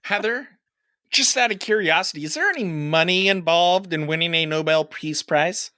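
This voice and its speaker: Male podcast co-host, thirties; lively, profane storyteller with a bright tone. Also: a little high, normal speed, clean tone, dry recording, studio quality. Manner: animated, swearing, gets loud in quoted lines. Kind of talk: casual storytelling chat.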